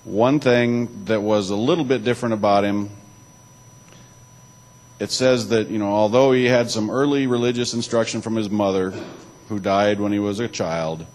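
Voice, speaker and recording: Low-voiced man giving a church talk. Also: steady tone, moderate pace, a little mellow, poor audio. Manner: alternates reading a text with loose asides, some restarts. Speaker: church speaker. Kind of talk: informal church talk reading aloud.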